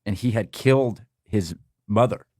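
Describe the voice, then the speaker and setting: A man's voice: fairly low pitch, moderate pace, a little mellow, no room sound, studio quality. Casual man telling a laughing story. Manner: laughs often while telling a story, loose and rambling. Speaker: podcast co-host.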